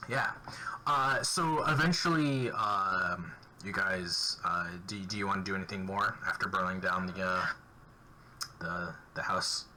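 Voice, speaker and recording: A man narrating a tabletop role-playing game as game master, halting with many fillers and restarts. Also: deep voice, sharp tone, low-quality recording. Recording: faint background noise.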